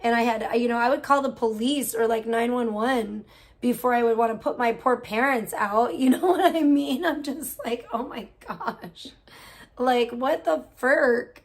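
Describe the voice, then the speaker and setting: A woman's voice: on the high side, normal speed. A woman hosting a casual livestream, gossiping and reacting to chat, swearing freely. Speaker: livestream host.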